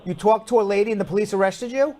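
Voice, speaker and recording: Guy lawyer taking calls on a live show, blunt, repeats stuff, high-ish voice. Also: fast talker, warm tone. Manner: blunt, repeats words, firm with callers. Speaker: immigration lawyer hosting a call-in show. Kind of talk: live call-in advice show.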